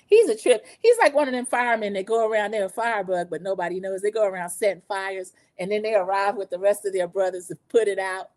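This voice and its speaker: A woman's voice: medium pitch, fast, few pauses, a little mellow, no echo. A middle-aged woman hosting a casual opinion recap, chatty and opinionated, talking straight to her viewers. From lived in the American South over twenty years. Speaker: recap host.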